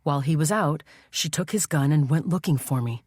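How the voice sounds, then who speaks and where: A woman reading a first-person thriller audiobook in a measured, tense storytelling voice. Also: deep voice, a little mellow, husky, no echo. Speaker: audiobook narrator. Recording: dry studio voice-over.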